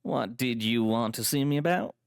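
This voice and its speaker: A man voicing a very posh, tradition-minded gentleman who sounds dry and unamused. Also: mid-range voice, moderate pace, gravelly, smooth, no room sound, natural voice. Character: posh, tradition-bound gentleman, middle-aged.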